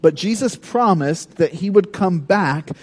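A man preaching a sermon in a conversational, animated way, breaking into dramatic scripture readings. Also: high voice, a little slow, slightly rough. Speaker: pastor.

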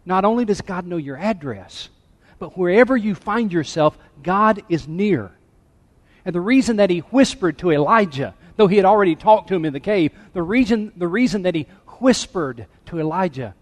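A man preaching a sermon as pastor, dropping to a hush and then rising to emphatic points. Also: sits high, expressive, moderate pace, in a large hall. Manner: dynamic, drops to a hush then rises to emphatic. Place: church sanctuary.

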